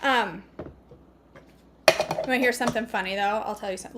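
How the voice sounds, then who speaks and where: Middle-aged lady vlogging from her kitchen, chatty and jokey, slightly high voice, faint hiss behind. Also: moderate pace, pauses often. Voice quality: chatty, self-mocking, talks to viewers by name. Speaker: cooking vlogger. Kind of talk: casual kitchen chat to live viewers. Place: home kitchen.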